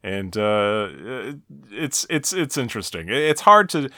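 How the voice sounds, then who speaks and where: A man's voice: lowish voice, very animated, a little slow, sharp tone, no echo, studio quality. A man hosting a podcast, recapping a cartoon episode in a casual, conversational way with frequent restarts. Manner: conversational, stumbling restarts, laughing. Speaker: podcast host.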